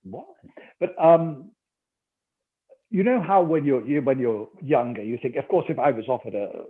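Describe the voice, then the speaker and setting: A man's voice: mid-range voice, normal speed, husky. An older man from Newcastle with a Geordie accent, an actor and audiobook narrator telling a story in an interview, acting out quotes and laughing often. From Newcastle, England. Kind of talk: remote interview conversation. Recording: tinny call audio.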